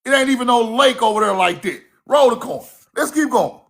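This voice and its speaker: A man giving a casual, fiery online lecture, cussing freely, repeating himself and shouting key words. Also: very high voice, lively intonation, fairly quick, gravelly. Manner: laughs at own points.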